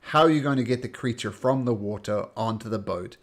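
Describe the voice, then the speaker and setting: A man's voice: lowish voice, fairly quick. A man narrating and ruling as game master in a tabletop role-playing game, describing scenes loosely with fillers.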